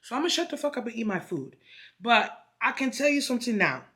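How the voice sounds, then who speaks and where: A woman vlogger telling a story in an animated, profane, emphatic rant. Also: on the high side, quick pace. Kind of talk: casual ranting vlog.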